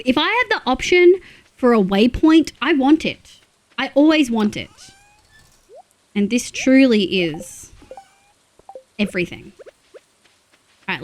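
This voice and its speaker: Excitable young woman streamer, gasping. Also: a little high. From Australia. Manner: excitable, gasps and counts items aloud. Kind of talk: casual gameplay chat.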